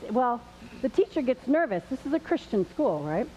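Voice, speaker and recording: A woman's voice: high-pitched, very animated, moderate pace, warm tone. A woman hosting a live church show, chatty and laughing, a little nervous as she tells a story. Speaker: host. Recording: dull lo-fi with faint hiss.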